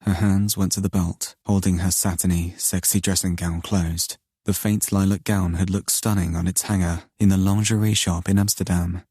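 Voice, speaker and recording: A man narrating an audiobook in first person, in a slow, low, intimate and brooding manner. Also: flat delivery, warm tone, breathy edge, dry recording, clean studio sound.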